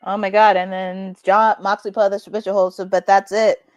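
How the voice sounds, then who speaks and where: A woman's voice: mid-range voice, level tone, moderate pace. A woman co-hosting a wrestling watch-along, giving casual live commentary in a chatty, wry, sarcastic way.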